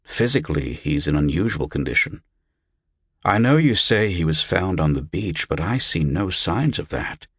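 Monk physician, read by a man, deep quiet voice, measured clinical manner, dry recording. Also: very animated, breathy edge, no room sound, full character voice. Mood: puzzled. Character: calm puzzled male monk physician.

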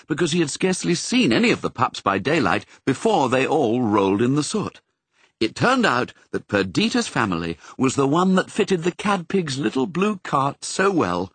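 Man narrating a storybook, husky and very animated, dry booth sound. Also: mid-range voice, no echo. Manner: expressive, storytelling. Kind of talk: audiobook reading.

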